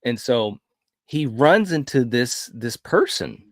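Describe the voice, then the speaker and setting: A man hosting a film review podcast, retelling a horror movie in an animated, casual way with frequent restarts. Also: mid-range voice, slow pace, dry recording, clean studio sound. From grew up in a city. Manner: animated storyteller, frequent restarts and "you know".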